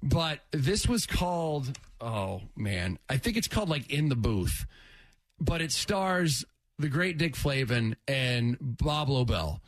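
A man's voice: mid-range voice, animated, takes it slowly. A man hosting sports talk radio, rambling and joking as he tells a story.

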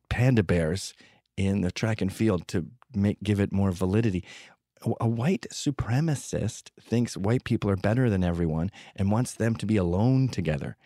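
A man's voice: fairly low pitch, warm tone, dry recording, clean studio sound. A man telling rambling, profane stories with sardonic humor in a comedic monologue. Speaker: podcast host telling stories.

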